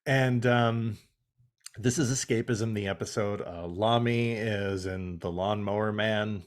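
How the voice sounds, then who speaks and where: Speaking in a lowish voice at a measured pace, this young podcast co-host casually recaps a TV episode, cursing and performing the characters' lines.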